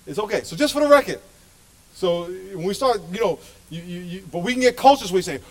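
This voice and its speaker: Middle-aged man, pastor, passionate sermon, high voice, church. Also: lively intonation, fast. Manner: passionate, emphatic preaching. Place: church sanctuary.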